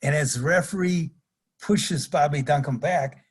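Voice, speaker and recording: Husky older man telling old stories. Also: fairly high pitch, measured pace. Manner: rambling anecdotes, chuckles at his own stories. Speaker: podcast guest, retired wrestler. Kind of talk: casual interview storytelling.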